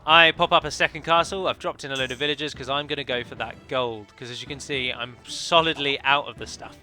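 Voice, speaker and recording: A let's play commentator talks through his own multiplayer strategy match, chatty and analytical, frequently correcting himself mid-sentence. His mid-range voice is steady, bright and forceful at a fairly quick pace, with faint music behind it.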